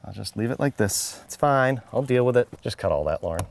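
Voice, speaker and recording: A man's voice: mid-range voice, lively intonation, brisk, creaky, noisy background. A man hosting home repair videos, chatting casually and muttering in an exasperated, self-mocking way while he works outdoors.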